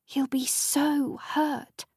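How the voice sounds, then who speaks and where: A woman narrator voicing a worried young woman who pleads softly, her voice lifted a little higher. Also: steady tone, moderate pace, no room sound, clean studio sound, close to an everyday voice.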